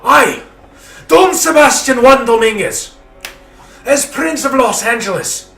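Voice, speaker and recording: A man's voice: high-pitched, expressive, takes it slowly, sharp tone, faint music behind, voice pushed up, heavily acted. A man voicing a haughty, commanding male vampire prince with a put-on Spanish accent, bellowing formal proclamations. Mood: wrathful proclamation. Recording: roomy echo.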